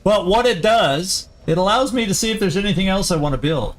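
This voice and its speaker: A man hosting a let's play, giving casual gameplay commentary as he thinks aloud, often halting and restarting. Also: high voice, lively intonation.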